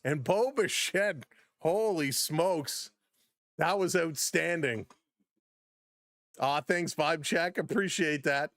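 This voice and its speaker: A man hosting a live baseball play-by-play stream, excitable on big plays, chuckling often and greeting chat viewers by name. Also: on the high side, slow, long pauses, no room sound.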